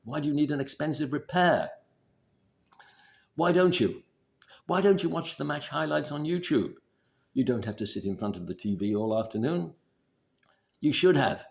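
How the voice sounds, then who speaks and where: A man's voice: on the high side, expressive, moderate pace, creaky, long pauses, darkish tone, voice pushed up. A man voicing a nagging, scolding woman who talks down with hectoring questions.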